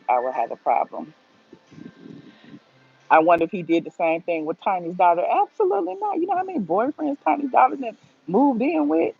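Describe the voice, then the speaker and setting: A woman on a gossip livestream, talking straight to her viewers and answering their comments with blunt opinions. Her voice is gravelly and husky. The sound is thin and tinny, like a phone line. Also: fairly low pitch. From Atlanta, USA. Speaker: gossip vlogger answering live chat.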